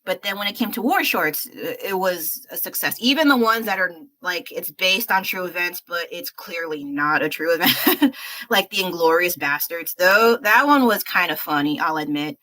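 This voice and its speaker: A woman's voice: on the low side, expressive, normal speed, pushed and bright. A young American woman livestreaming while she paints, chatting in a rambling, self-deprecating way with fillers and laughs. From United States. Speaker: livestreaming artist.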